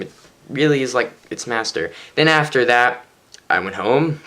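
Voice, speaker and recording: The voice is medium-pitched and sharp, with lively intonation and a moderate pace. It belongs to a tired teenage boy who rambles chattily through a casual daily bedroom vlog, self-mocking as he goes.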